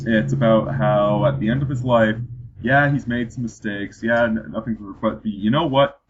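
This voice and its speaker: A man's voice: fairly low pitch, background noise. Rambling podcast man, dull lo-fi audio. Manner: rambling, repeats words when starting sentences. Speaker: podcast host. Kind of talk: casual political chat.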